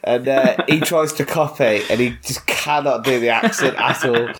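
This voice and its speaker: A man's voice: mid-range voice, normal speed, a bit bright. A man in his thirties from the United States hosting a podcast, leading the chat in a jokey way. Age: 30s. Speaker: podcast host.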